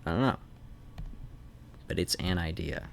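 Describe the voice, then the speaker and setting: A man's voice: low-pitched, measured pace, vocal fry, heavy background noise. A man streaming while he sketches, thinking aloud, trailing off and restarting, with a faint Canadian-like North Idaho accent. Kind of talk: rambling drawing stream. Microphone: desk mic.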